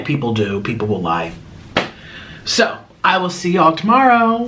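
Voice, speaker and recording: A man's voice: high-pitched, huge pitch swings, moderate pace, pushed and bright, slight background noise. A young man hosting a casual vlog Q and A, talking straight to camera with dramatic swings between exasperation and mockery. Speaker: YouTuber hosting a Q and A.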